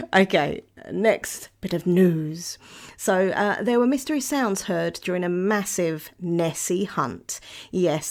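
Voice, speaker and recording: A woman's voice: fairly low pitch, gravelly. A woman hosting her own podcast, rambling cheerfully on her own with plenty of giggles and asides. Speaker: podcast host. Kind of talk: casual solo chat.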